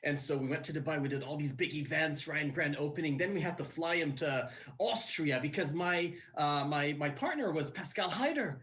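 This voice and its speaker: A man's voice: fairly high pitch, a little fast, hardly any pauses. Rambling, hesitant man. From Canada. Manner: excitable, hesitant, full of fillers and restarts. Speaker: restaurant founder in a played video. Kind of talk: rambling promotional address to fans.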